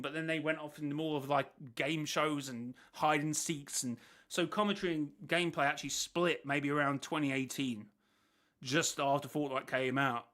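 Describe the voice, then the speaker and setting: A man's voice: fairly high pitch, sharp tone. A man hosting a casual reaction stream, rambling and second-guessing himself as he thinks aloud. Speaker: host reacting to a video.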